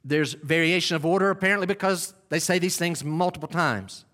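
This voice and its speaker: Animated man preaching a sermon. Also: fairly high pitch, brisk. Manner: animated, acts out the scene with sudden loud quoted cries; repeats and restarts phrases, drawing out key words. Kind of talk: expository sermon.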